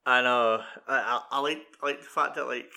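A Scottish man with a bright, forward voice in a casual film chat. He talks in halting bursts full of fillers and swearing. His pitch sits in the middle range. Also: fairly even intonation, vocal fry.

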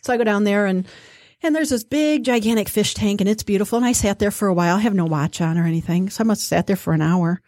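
A woman guest telling a personal story in casual conversation, animated, with many fillers and restarts. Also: mid-range voice, fast, dry recording, studio quality.

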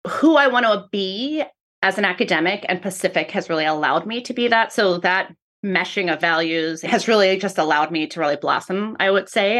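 A woman's voice: mid-range voice, a bit bright. Woman academic, earnest explainer in an interview. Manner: earnest, explanatory, repeats "really" often. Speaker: professor of speech-language pathology. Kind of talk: interview answers.

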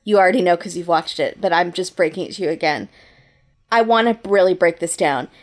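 A woman's voice: lowish voice, a little fast. A woman co-hosting a casual podcast, talking in a playful, conversational way. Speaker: podcast co-host. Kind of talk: casual chat.

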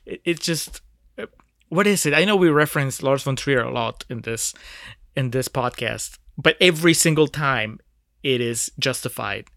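A man co-hosting a podcast, analyzing a film in casual chat, halting and restarting as he thinks. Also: medium pitch, animated, creaky, a bit bright, dry recording, clean studio sound. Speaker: podcast co-host.

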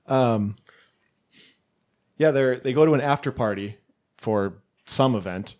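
A man's voice: medium pitch, slow, pauses often, darkish tone. A man on a casual podcast recapping a film plot, rambling with lots of fillers. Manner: rambling, filler-heavy, laughs often.

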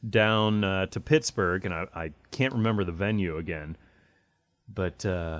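A man's voice: lowish voice, dry recording. A man in his forties hosting a podcast, asking questions in a loose, easygoing way. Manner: loose, lots of fillers, asks questions. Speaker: podcast host. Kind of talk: casual chat.

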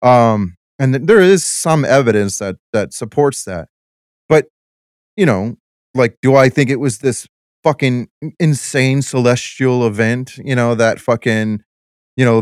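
A man's voice: medium pitch, no room sound, studio quality. A man co-hosting a podcast, chatting casually and swearing while explaining theories. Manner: profane, animated when explaining theories. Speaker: podcast co-host. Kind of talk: casual chat.

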